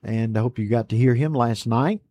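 A man hosts a Bible study broadcast, reading each viewer's greeting aloud and then answering it in a relaxed, folksy way. His voice is dark and mellow. His pitch sits in a middle range. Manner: folksy and unhurried, reads messages aloud then chats back. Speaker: host of an online Bible study program.

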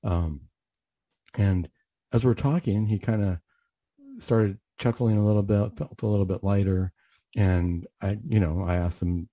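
A man with a low, very mellow voice and a slight huskiness tells a story from his clinical work. He talks casually, restarts sentences, and acts out what he said back then. The sound is dry and close, with no room echo. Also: sing-song, normal speed, creaky. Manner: conversational, with restarts, acting out his own past words. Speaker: mental health clinician telling a story. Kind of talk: casual storytelling on a faith podcast.

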